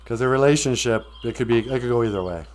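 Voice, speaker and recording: A man's voice: medium pitch, quick pace, a little mellow. A man hosting a live stream, retelling a fairy tale casually with rambling, joking asides. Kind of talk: casual comedic storytelling.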